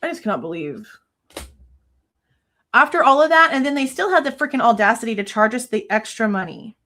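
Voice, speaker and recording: A woman's voice: fairly high pitch, expressive, a little fast, pushed and bright. A woman in her thirties hosting a true crime livestream, venting angrily with frequent swearing in casual commentary.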